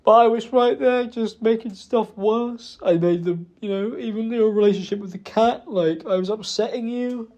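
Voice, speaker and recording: Young man, tearful apology, halting and self-blaming, high mellow voice. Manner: halting, self-reproachful, hesitant with many fillers. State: emotional, close to tears. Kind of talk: emotional personal apology. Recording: dull lo-fi recording.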